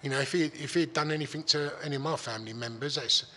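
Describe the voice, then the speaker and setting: A man's voice: a little high, quick pace, bright, forceful tone, big-room sound. A middle-aged man from England, telling a long story in blunt, sweary, rambling casual talk. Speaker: guest.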